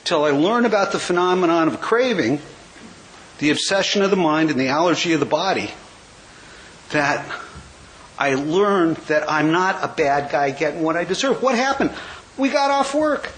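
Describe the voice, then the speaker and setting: An AA speaker in his sixties from California, USA, shares his recovery story in a convention hall, his high, slightly bright voice full of wry humor and quick jokes. The rough recording carries a faint hiss beneath his words.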